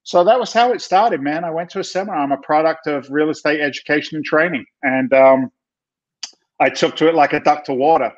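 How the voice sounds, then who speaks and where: A middle-aged man from England, a guest in a casual interview, telling his story in an animated, chatty way with frequent laughs and restarts. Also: a little high, brisk. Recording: dull lo-fi sound.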